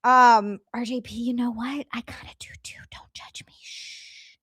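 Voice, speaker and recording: A woman's voice: on the high side, level tone, moderate pace, slightly rough, no room sound, studio quality. Woman whispering a secretive aside. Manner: hushed, secretive.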